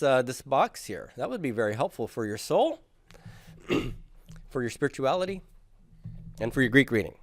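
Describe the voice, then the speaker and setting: A man's voice: medium pitch, big pitch swings, normal speed, pauses often, dry recording. Patient man teaching a grammar lecture. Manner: patient, drills students in chanted repetition. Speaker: Greek teacher. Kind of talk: classroom lecture.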